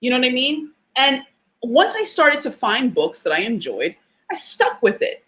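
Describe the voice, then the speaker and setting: A woman hosting a casual live talk for listeners, chatty and animated, laughing often and using fillers. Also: on the high side, moderate pace. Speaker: podcast host.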